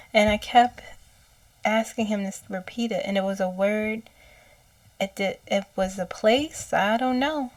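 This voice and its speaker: A woman recounting channeled messages in a casual, halting way, with frequent fillers and quoted lines. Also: medium pitch, dry recording, distant mic. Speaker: psychic channeler.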